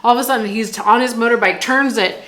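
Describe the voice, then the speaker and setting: A woman's voice: fairly high pitch, quick pace, fairly bright tone. Chatty American woman telling stories. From United States. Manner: chatty, laughs often, says "like" a lot. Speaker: vlogger. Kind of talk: casual vlog storytelling.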